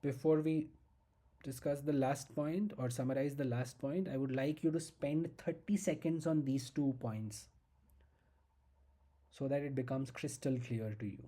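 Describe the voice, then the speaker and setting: A law lecturer with an Indian English accent giving a slow, emphatic exam-prep lesson, repeating key points and checking in with "okay?". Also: mid-range voice, fairly even intonation, warm tone.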